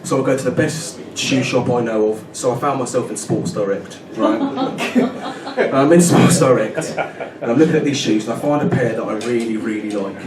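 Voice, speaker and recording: A man's voice: medium pitch, expressive, moderate pace, a crowd in the background. Thirty-something man doing stand-up, echoey and distant. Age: 30s. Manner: chatty, keeps checking in with "right?". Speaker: stand-up comedian. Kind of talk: stand-up comedy set. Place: pub comedy night with a live audience. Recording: echoey room from far off, loud noise.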